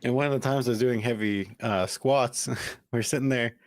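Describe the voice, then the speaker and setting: A man's voice: mid-range voice, steady tone, normal speed, no echo. A young man co-hosting a casual podcast, telling long rambling stories with lots of fillers and laughing often. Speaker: podcast co-host. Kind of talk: casual chat.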